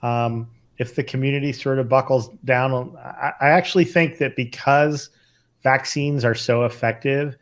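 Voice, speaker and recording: A man's voice: mid-range voice, fairly even intonation, a little slow. A middle-aged man, an emergency physician co-hosting a casual podcast, talking thoughtfully with lots of fillers and restarts.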